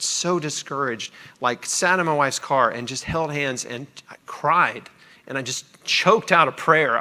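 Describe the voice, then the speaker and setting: A middle-aged man telling his own story to an audience in a chatty, animated way, acting out the people he quotes. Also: mid-range voice. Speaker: cancer survivor sharing his story.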